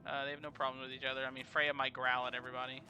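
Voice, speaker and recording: The young streamer now races along with a sharp, flat, mid-range voice. He remains laid-back and slangy in his let's play commentary, rambling between actions while game music plays in the background.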